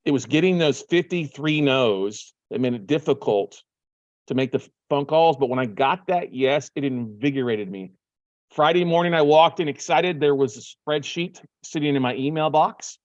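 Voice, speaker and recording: A man's voice: medium pitch, moderate pace, darkish tone, no room sound, lo-fi sound. A man hosting a show, telling a story casually and acting out his own phone calls. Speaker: podcast host.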